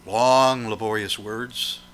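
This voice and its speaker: A man's voice: fairly low pitch, steady tone, slow pace, fairly bright tone. A man preaching a sermon, emphatic and questioning, his voice swelling and dropping to press each point.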